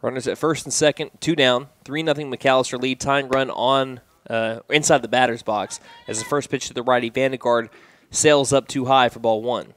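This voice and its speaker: Steady small-town baseball radio announcer. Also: male voice, medium pitch, moderate pace, no room sound. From United States. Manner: steady conversational calls, rising sharply on big plays. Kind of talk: baseball play-by-play commentary.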